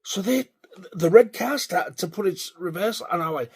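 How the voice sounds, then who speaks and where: A man telling a sweary, animated story in a casual vlog. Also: high voice, a little fast, slightly rough. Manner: sweary, animated when riled. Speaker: vlogger.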